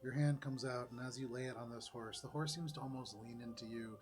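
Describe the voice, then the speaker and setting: A man running a tabletop game as game master, narrating scenes in a relaxed, descriptive way. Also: medium pitch, brisk. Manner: descriptive, relaxed, laughs often.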